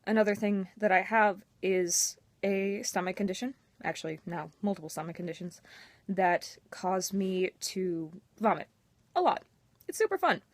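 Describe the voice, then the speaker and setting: A woman's voice: medium pitch, animated, normal speed, no room sound. A young woman talking candidly and emotionally to her camera in a personal vlog, with a self-mocking edge. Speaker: vlogger.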